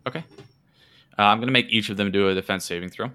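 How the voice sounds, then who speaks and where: A man's voice: fairly low pitch, fast, noisy background. A man narrating a tabletop game as game master, hesitant and playful, with many fillers.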